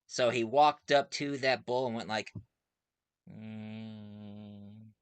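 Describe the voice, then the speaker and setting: A man's voice: medium pitch, steady tone, normal speed, no echo. A man reviewing a movie in a casual, rambling way, full of fillers and frequent chuckles.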